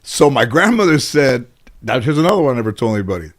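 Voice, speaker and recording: Guest storyteller from Los Angeles: a man with a mid-range voice, animated and conversational, swears freely and restarts his sentences. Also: medium pitch, fast talker. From Los Angeles, USA. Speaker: guest telling life stories.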